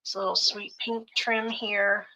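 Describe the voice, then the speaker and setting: A middle-aged woman slowly showing off craft supply bundles piece by piece on a live sales show. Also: medium pitch, flat delivery, bright, forceful tone, slight background noise, low-quality recording. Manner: unhurried, listing items one by one.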